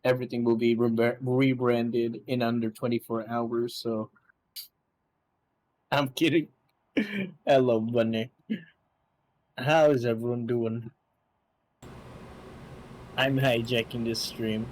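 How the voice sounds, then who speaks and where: A man guesting on a stream, joking and chatting with frequent laughs and halting restarts on a desk mic. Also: mid-range voice, fairly even intonation, a little mellow, low-quality recording. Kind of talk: casual stream chat.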